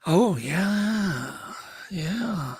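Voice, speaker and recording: A man's voice: high voice, lively intonation, very slow, vocal fry, slightly rough, no room sound. A man co-hosting a casual talk radio show, chatty and laughing often, fighting a cough from a cold. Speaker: co-host.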